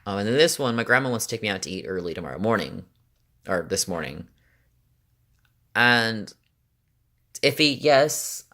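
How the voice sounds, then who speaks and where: Young adult male vlogger, lowish pitch, casual rambling delivery, lots of fillers, exasperated venting. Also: animated, moderate pace, long pauses, pushed and bright. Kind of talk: casual chat.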